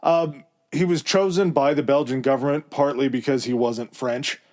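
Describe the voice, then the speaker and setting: Speaking at normal speed, a man with a medium-pitched, steady, slightly mellow voice co-hosts a history podcast. His telling is loose and chatty, peppered with fillers and side remarks.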